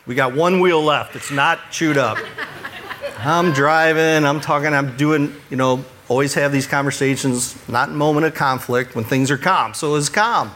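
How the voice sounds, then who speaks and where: A man's voice: on the high side, moderate pace, a bit bright, a little hiss or hum. A man who works with churches, giving earnest, conversational faith advice and chuckling at himself now and then. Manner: earnest, self-deprecating, chuckles at his own stories. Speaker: church ministry worker.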